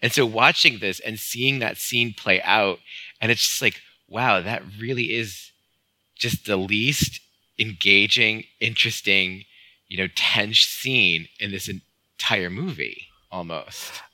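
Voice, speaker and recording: A man's voice: lowish voice, slow, sharp tone, no room sound, low-quality recording. A man co-hosting a casual film podcast, rambling and amused, with many fillers. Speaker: podcast co-host.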